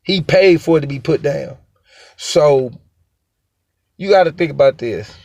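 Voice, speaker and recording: A man's voice: a little high, unhurried, creaky, a little mellow, no room sound, highs cut off. Emphatic man with a rambling casual delivery. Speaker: dog owner sharing opinions. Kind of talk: casual monologue.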